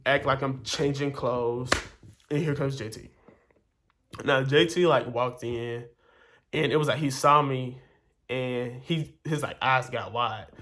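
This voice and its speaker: A man's voice: mid-range voice, fairly bright tone. A young man vlogging, telling a long personal story in a chatty way, full of fillers and acted-out quotes. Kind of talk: casual storytelling.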